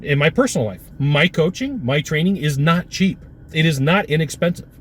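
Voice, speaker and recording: Energetic man coaching salespeople. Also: on the high side, moderate pace, a little hiss or hum. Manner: energetic, punchy, repetitive phrasing. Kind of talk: motivational sales coaching talk.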